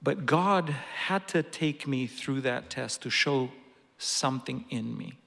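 A man's voice: mid-range voice, lively intonation, slow pace, gravelly, bright, forceful tone. A man preaching a sermon, telling a personal story earnestly with some restarts. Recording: long reverb of a large hall.

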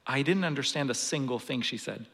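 A man's voice: medium pitch, brisk, a bit bright. A man preaching a sermon, telling a personal story earnestly with some restarts. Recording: long reverb of a large hall.

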